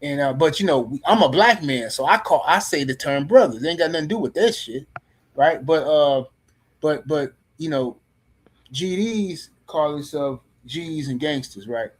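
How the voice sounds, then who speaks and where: Middle-aged guy w a raspy kinda high voice, casual storytelling, animated and cussing. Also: normal speed. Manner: animated, blunt and profane, with many restarts. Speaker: podcast panelist.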